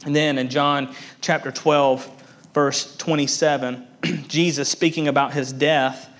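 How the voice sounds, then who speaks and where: A man's voice: a little high, little pitch movement, a little slow, fairly bright tone. A man preaching a sermon as a pastor, earnest and emphatic, repeating words for stress.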